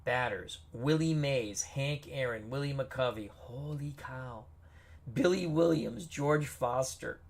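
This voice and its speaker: A man's voice: mid-range voice, measured pace, hardly any pauses. A man hosting a gaming video, reading player names off team rosters with casual asides and reactions. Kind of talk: casual game commentary.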